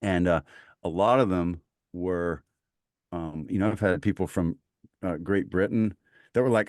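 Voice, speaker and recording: A man's voice: deep voice, measured pace, long pauses, a little mellow, dry recording, studio quality. A man from Mississippi with a Southern accent, talking enthusiastically as a podcast guest, rambling with lots of fillers. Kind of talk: casual conversation.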